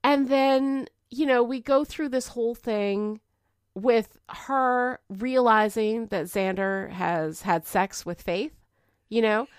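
A woman co-hosting a podcast in casual chat, emphatic and quick to agree. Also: on the high side, clear, resonant tone, no room sound, clean studio sound. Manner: emphatic, agreeing, sighs in disgust. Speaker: podcast co-host.

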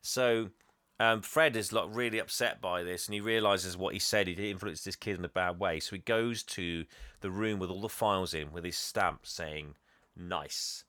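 A man retells a film scene by scene in a casual comedic recap. His voice is bright and forceful, recorded close and dry. He jumps into characters' lines with a raised, animated delivery. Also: low-pitched, normal speed, no room sound. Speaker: podcast host recapping a film.

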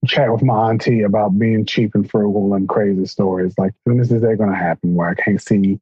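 A man in casual chat, telling family stories in an earnest, reflective way, with a husky voice. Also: lowish voice, fairly even intonation, brisk, dry recording. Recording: dull, dry recording.

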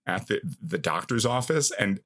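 A man in his fifties, a guest telling a funny story from his youth in a casual, animated, self-mocking way, filling his speech with "like" and "you know". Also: lowish voice, normal speed. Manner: animated, self-mocking, heavy use of filler words.

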